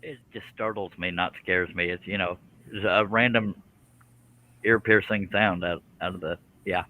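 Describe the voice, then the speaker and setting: Jokey male live-stream host, reads chat aloud, bright and lowish. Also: steady tone, normal speed, low-quality recording. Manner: joking, chuckles, does silly animal noises. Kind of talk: casual chat reading out viewer comments.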